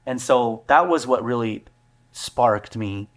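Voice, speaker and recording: A man, a business owner, telling his story in an interview, earnest and halting with many fillers and restarts. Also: medium pitch. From United States. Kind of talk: candid interview talk.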